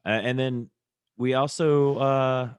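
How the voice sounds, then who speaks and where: A man's voice: mid-range voice, steady tone, takes it slowly, clear, resonant tone, no room sound. A man co-hosting a podcast, recapping segments in a laid-back, amused way. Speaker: podcast co-host, wrestling reviewer. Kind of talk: casual podcast review chat.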